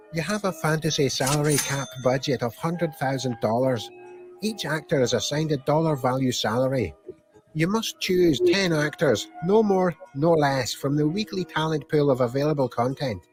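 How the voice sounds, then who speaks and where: A man with an Irish accent reading an upbeat promotional voice-over full of rhetorical questions. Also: fairly high pitch. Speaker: ad narrator.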